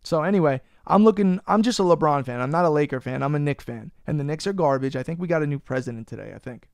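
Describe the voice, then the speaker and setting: A man's voice: a little high, fast talker, gravelly, no echo, clean studio sound. Profane New man ranting on a podcast. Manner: profane, ranting, teasing his co-host. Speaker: podcast host. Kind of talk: casual podcast banter.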